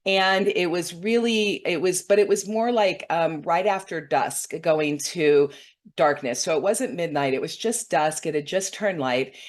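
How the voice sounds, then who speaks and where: A woman's voice: lowish voice, a little slow. A woman hosting her own reading show, earnestly recounting a meditation vision to her viewers in a meandering, heartfelt way, often checking in with "okay?" and "right?". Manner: heartfelt, openly moved. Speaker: intuitive reader hosting a weekly show.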